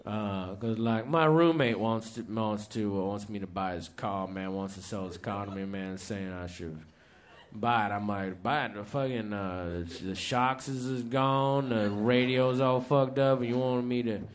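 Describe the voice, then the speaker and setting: Man putting on a gravel-bottomed, mumbling comic, down on his luck, swearing a lot, a faint hiss behind him. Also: measured pace, natural voice. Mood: weary grumbling. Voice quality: very deep mumbling drawl, profane. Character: gruff down-and-out male stand-up comic. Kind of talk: stand-up impression.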